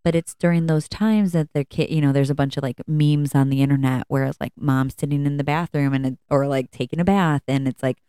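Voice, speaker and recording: Female podcast host, chatty and candid, low voice, smooth with some fry. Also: fairly even intonation, a little fast, hardly any pauses, dark tone, no echo, clean studio sound. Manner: candid, chatty, with many fillers and restarts. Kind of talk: casual personal talk. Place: at home.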